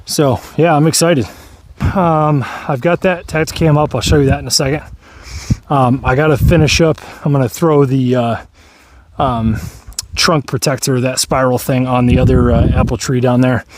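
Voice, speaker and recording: An Upstate New York man talks into a handheld camera outside on a field, a bit winded from work. His speech rambles along with plenty of ums and uhs at a middling pitch. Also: steady tone, moderate pace. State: out of breath. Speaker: vlogger. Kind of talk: casual outdoor vlog. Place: outdoors on a field.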